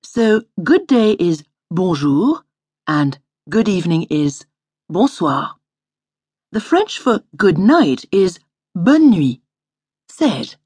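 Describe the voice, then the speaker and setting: A woman with a low, husky voice leads a scripted language lesson. She speaks slowly and patiently, and her pitch moves a lot as she models each word. The studio sound is dry and close. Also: sing-song, darkish tone, no room sound. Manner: patient, slow model pronunciation. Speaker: language course instructor.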